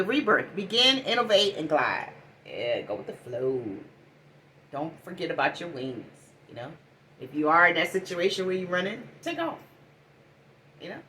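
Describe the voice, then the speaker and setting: A middle-aged woman gives a casual spiritual oracle card reading in a preachy manner, swinging between loud bursts and hushed asides. Her voice is on the low side, and there's a little hiss or hum.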